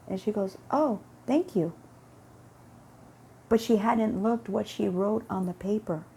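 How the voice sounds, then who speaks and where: Gravelly-voiced woman telling a story. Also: mid-range voice, warm tone, a little hiss or hum. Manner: rambling, repeats words, acts out dialogue. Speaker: vlogger. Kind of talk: casual storytelling about faith.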